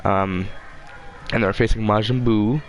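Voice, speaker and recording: Gravelly low-voiced man rambling casually. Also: fairly even intonation, a little slow. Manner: rambling, swears freely, loses his train of thought. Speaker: channel host.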